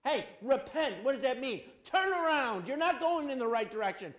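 A middle-aged man preaching a sermon, swinging from loud exhortation to quiet storytelling. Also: extremely high pitch, sing-song, normal speed, hardly any pauses, reverberant. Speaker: pastor.

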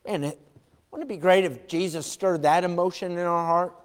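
A man preaching a sermon as a pastor. He talks with animated emphasis, shouts at times and acts out the voices of the people in his story. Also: sits high, normal speed. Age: adult parent. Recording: long hall reverb.

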